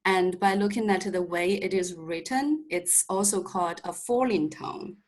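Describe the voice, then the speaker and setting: Over a video call, a woman patiently teaches a Mandarin lesson, explaining step by step with a touch of humor. Her voice is lowish and unhurried, and the recording quality is low.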